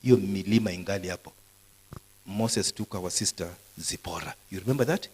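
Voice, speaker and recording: Middle-aged pastor, husky lowish voice, lively live preaching. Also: male voice, normal speed, poor audio. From Kenya. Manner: animated preaching, acts out stammers, swings loud and soft. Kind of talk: sermon. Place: university hall, live service.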